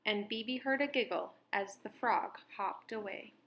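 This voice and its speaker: Slow, expressive woman reading a kids' book. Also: mid-range voice. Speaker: children's book reader. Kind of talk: storybook read-aloud narration.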